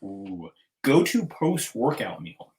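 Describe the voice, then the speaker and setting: A man's voice: fairly low pitch, big pitch swings, slow pace, a little mellow, low-quality recording. A man hosting a casual interview podcast, enthusiastic and chummy, calling his guest "man". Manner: enthusiastic, bro-ish, calls guest "man". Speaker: podcast host.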